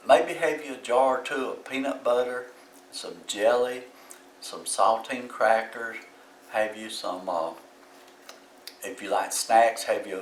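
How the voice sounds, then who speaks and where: A man's voice: lowish voice, fairly bright tone, reverberant, far from the mic, a little hiss or hum, poor audio. A man with a Southern US accent giving plain, folksy advice as a video host, recorded in his home kitchen. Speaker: YouTube host. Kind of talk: casual how-to talk.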